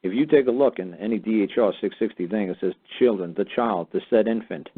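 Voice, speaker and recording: A man hosting a call-in talk show, telling stories in a blunt, profane, excitable way over a phone line. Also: lowish voice, a little fast, breathy edge.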